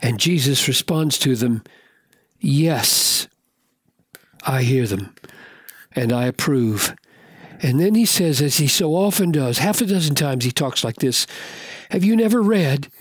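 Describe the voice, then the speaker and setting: A man preaching a sermon in an earnest, emphatic way, slowing down to stress key words and repeating questions for effect. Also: mid-range voice, lively intonation, breathy edge, no room sound.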